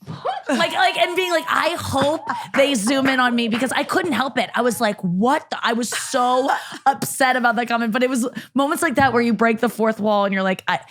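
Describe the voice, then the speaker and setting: A woman's voice: on the high side, brisk, few pauses. Swearing woman comedian guest telling stories. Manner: animated storytelling, swears casually. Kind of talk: casual chat.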